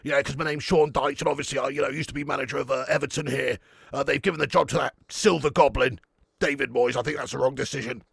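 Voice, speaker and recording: A man doing a comic impression of a gruff middle-aged male football manager, rambling and self-pitying with plenty of fillers. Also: fairly high pitch, fairly bright tone, no room sound, clean studio sound, full character voice. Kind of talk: comic impression in a match watch-along.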